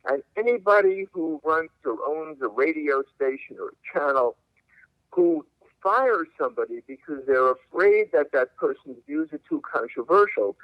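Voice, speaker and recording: A man's voice: a little high, dry recording. An older man, a civil liberties attorney, argues his points emphatically and like a lawyer while being interviewed over the phone. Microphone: telephone. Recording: tinny dry phone line.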